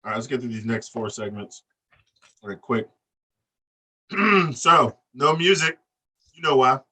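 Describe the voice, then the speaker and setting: Loud profane man, set back from the mic. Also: medium pitch, unhurried, husky, distant mic. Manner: loud, animated, laughing, swearing freely. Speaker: podcast co-host recapping wrestling. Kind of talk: profane casual chat.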